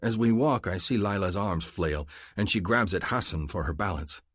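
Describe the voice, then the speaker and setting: A man narrating a romance audiobook in the first person, measured and earnest. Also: deep voice, fairly bright tone, no echo, studio quality.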